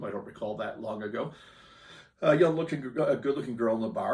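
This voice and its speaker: Male podcast host, low voice, off-mic a bit, lively storyteller. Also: recorded from a distance. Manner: animated storyteller, loud when quoting others. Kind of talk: casual storytelling monologue.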